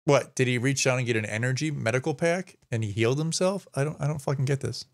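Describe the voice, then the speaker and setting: A man with a medium-pitched voice talks fast while hosting a live stream, casually reading out a news story. He rambles, stumbles over names and occasionally swears.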